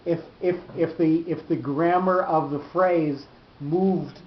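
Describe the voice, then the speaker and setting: A man teaching a study session who explains slowly, with fillers and restarts. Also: steady tone. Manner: halting, many restarts and fillers, slows to spell out terms. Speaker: Torah teacher. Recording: dull echoey room with faint rumble.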